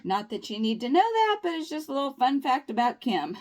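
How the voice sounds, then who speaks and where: A woman's voice: sits high, big pitch swings, a little fast. A woman chatting upbeat and reassuring through a nail tutorial, with folksy phrasing. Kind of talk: casual tutorial talk.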